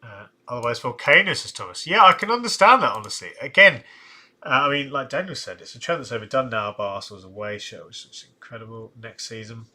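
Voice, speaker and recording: A man with a medium-pitched, expressive, sharp-toned voice speaks a little fast while hosting a casual live stream ranking football shirts. Tired and yawning, he thinks aloud with restarts and asides.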